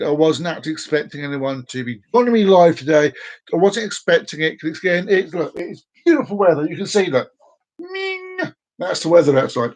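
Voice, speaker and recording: A man talking casually to camera on a live stream, rambling and repeating himself, sometimes slipping into silly voices. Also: fairly high pitch. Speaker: vlogger doing a live stream.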